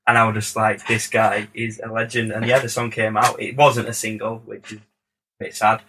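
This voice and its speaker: A man, a music producer, telling a casual story on a podcast as a lively, swearing narrator who acts out the dialogue. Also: fairly low pitch, fairly quick, background noise. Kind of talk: casual anecdote.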